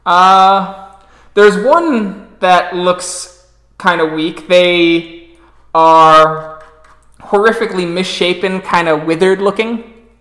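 Man running a tabletop game, echoey room. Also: high-pitched. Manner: relaxed, pauses with "uh" while calling out rolls. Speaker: storyteller.

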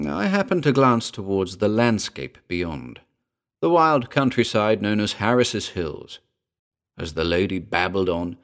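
Wry, lively storyteller, low voice. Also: male voice. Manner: measured, wry, theatrical delivery. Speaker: narrator. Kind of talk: scripted storytelling narration.

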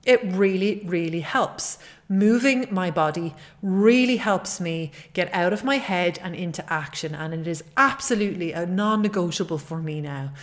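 A woman's voice: lowish voice, moderate pace. A middle-aged woman hosting a solo podcast as a fitness coach, talking in an earnest, encouraging way and often repeating her key points.

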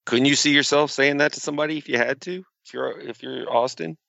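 Casting: man co-host with a low, gravelly voice, dry teasing delivery, and a dull, dry sound. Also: steady tone, fairly quick, sharp tone, dry recording. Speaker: podcast co-host. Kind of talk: casual wrestling review chat.

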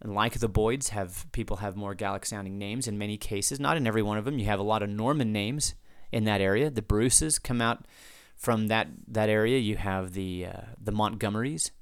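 A man's voice: lowish voice, a little fast, hardly any pauses, clear, resonant tone, dry recording, clean studio sound. A man hosting a podcast, talking off the cuff to answer listener feedback, rambling with restarts and asides. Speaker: podcast host.

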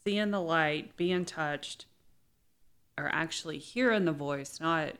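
An interviewer casually asking slow, measured questions. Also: mid-range voice, fairly bright tone, smooth.

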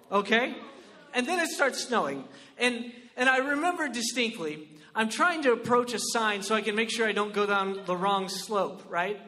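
High-voiced animated male comedian. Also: big-room sound. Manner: animated, exclamatory, frequent rhetorical "right?". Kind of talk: stand-up storytelling.

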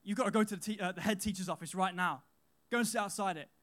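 A strict female schoolteacher snaps at two boys in sharp, raised, accusing tones. Her voice sits high, as a man quoting her in a talk pushes it up. It sounds like a scolding outside the head teacher's office. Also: fast talker, close to an everyday voice. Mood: angry.

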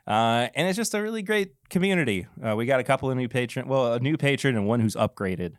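A man's voice: mid-range voice, expressive, quick pace, no room sound, studio quality. A man hosting a casual podcast, chatty and jokey, laughing often between reads. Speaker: podcast host.

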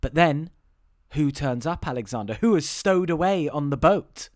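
A man recapping a film on a podcast, rambling and sarcastic, slipping into quick mocking impressions of the characters. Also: a little high, expressive, no echo, clean studio sound. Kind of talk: casual comedic chat.

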